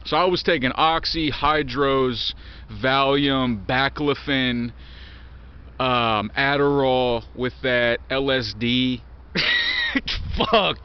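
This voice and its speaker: This vlogger, a man in his thirties, speaks at a medium pitch with huge swings in intonation, extremely slowly, in a clear, resonant tone. His candid monologue is blunt and heavily profane, and he rambles, circling back and restarting sentences. The recording itself sounds dull, muffled and lo-fi.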